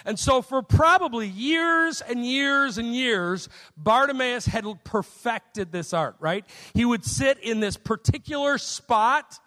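A man's voice: very high voice, lively intonation, slow pace, bright, forceful tone. A man preaching a sermon in a conversational way, often checking in with his listeners. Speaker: pastor. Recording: long hall reverb.

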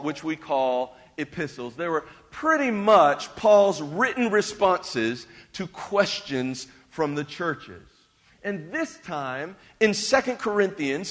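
A man's voice: high-pitched, a bit bright. A man preaching a sermon as pastor, calling on his congregation to answer him back and cheer. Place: church hall. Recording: reverberant hall.

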